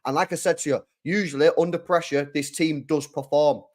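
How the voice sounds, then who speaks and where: Emphatic young man, fairly high voice. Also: steady tone, a little fast, darkish tone. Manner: emphatic, repeats his points. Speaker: host. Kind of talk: live football watchalong chat.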